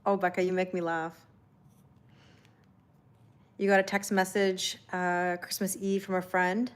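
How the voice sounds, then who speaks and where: Her voice is lowish, level, clear and resonant, and she keeps a measured pace. She's a tarot reader hosting a casual livestream reading, where she chats, laughs with viewers, and reassuringly reads out what they comment.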